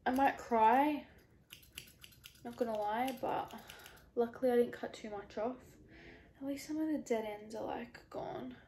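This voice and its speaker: A nervous, sweating young woman does casual vlog talk from a room at home, anxious, exclaiming and cursing. She speaks at a measured pace with long pauses in a fairly high, dark-toned voice, and the sound is roomy with slight background noise.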